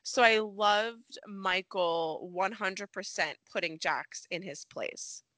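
A woman co-hosting a podcast in casual chat, animated and laughing often, saying "like" a lot. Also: medium pitch, slow, no echo. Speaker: podcast co-host. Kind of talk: casual chat recapping a soap opera.

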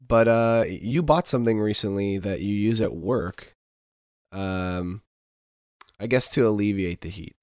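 A man hosting a podcast in casual chat, hesitant and filling pauses with many ums. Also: on the low side, darkish tone, clear, resonant tone, dry recording, studio quality. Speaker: podcast host.

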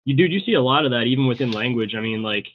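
American man, podcast host, rapid loose speech with lots of swearing, phone-like dry sound. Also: mid-range voice, animated. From USA. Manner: fast, loose and heavily profane. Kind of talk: casual podcast chat. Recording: tinny phone-like call audio.

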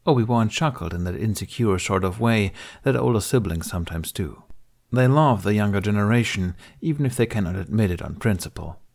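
A man reading his fan fiction aloud as narrator in an even storytelling manner. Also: on the low side, fairly quick, vocal fry. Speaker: reader.

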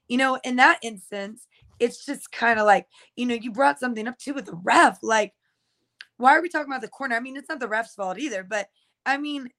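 A young woman co-hosts a relaxed podcast. Her voice sits on the higher side, and she rambles through her points with plenty of "like" and "you know." She sounds easygoing and chatty. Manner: chatty, many fillers and restarts. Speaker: co-host. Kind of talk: casual podcast chat.

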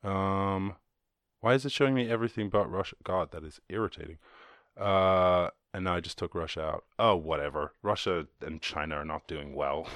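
Deep-voiced Irish man ranting profanely. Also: moderate pace, a bit bright, no room sound. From Ireland. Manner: profane, rambling, jokey. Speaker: podcast host. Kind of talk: casual solo commentary.

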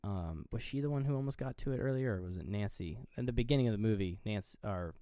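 A man's voice: lowish voice, fast talker, mellow, no echo, studio quality. A man co-hosting a podcast, casually retelling a horror movie scene by scene, rambling, swearing freely and laughing at himself. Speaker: podcast co-host.

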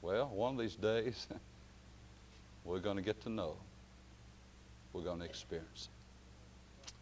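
A man preaching a sermon, dropping to quiet, drawn-out phrases and then rising to loud shouted climaxes. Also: sits low, a little hiss or hum.

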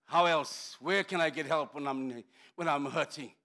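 A middle-aged man preaching a sermon, impassioned and swinging from shouts to hushed tones. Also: on the high side, normal speed. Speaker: pastor.

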